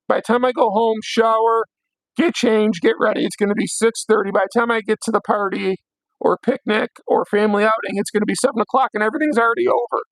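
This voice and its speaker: A hoarse young man hosting a late-night livestream, ranting bluntly with plenty of swearing. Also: high-pitched, no echo, poor audio. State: hoarse, voice worn out. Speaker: livestream host.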